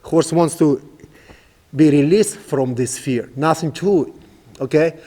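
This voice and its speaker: A horsemanship trainer, a man with a slightly high voice, walks students through his method with patient repetition. His carries a phrasing, and long reverb trails behind his words. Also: slow pace, mellow. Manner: repetitive, instructive, non-native phrasing. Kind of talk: outdoor training demonstration. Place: outdoors with a horse.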